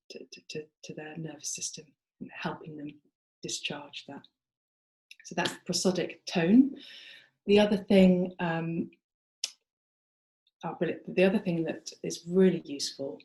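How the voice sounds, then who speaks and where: A woman's voice: lowish voice, darkish tone. A woman therapist explains treatment techniques to fellow practitioners in an informal teaching talk. She talks it through conversationally, building her points as she goes.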